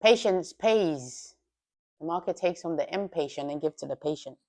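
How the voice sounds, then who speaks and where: A woman's voice: low voice, fairly even intonation, fast, dark tone. A woman streaming her futures trading live, thinking aloud in slangy, self-talking commentary. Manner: thinks aloud, talks to herself, slangy quips.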